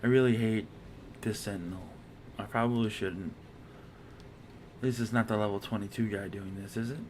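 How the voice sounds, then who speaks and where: A man's voice: on the low side, steady tone, normal speed, a little mellow, slight background noise. A man streaming a video game, chatting casually in a rambling, profane, self-mocking way. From Irish heritage.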